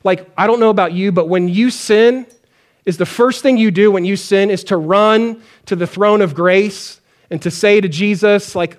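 A man with a high voice preaches a sermon in a conversational, chatty way. He acts out pleading prayers as he goes. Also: moderate pace. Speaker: pastor.

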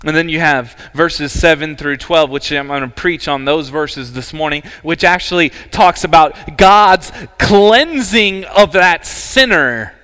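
A man preaching a sermon as pastor, earnest and emphatic, with dramatic pauses. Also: a little high, bright, forceful tone, clean tone. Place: church sanctuary. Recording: church hall reverb.

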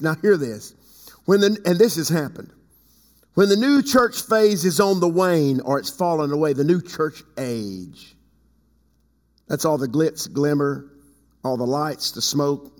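A man preaching a sermon as pastor. He swings from loud, high passages to quiet low asides and calls on people in the congregation by name. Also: unhurried, long pauses. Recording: long hall reverb.

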